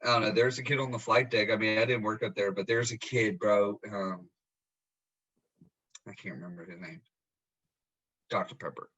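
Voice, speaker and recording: Husky laid-back young man. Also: on the low side, fairly even intonation, moderate pace, long pauses, pushed and bright, highs cut off. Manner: laid-back, profane storytelling. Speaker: podcast host. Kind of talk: casual chat. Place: at home.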